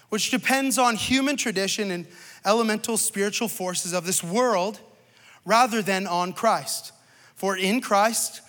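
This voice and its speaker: A male pastor in his thirties preaching a sermon, moving from storytelling to loud, rising exhortation. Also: sits high. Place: church stage.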